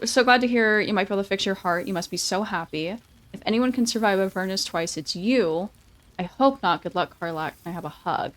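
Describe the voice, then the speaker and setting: A woman's voice: mid-range voice, fairly quick. A woman streamer giving casual gameplay commentary, chatty, swearing and reading dialogue options aloud.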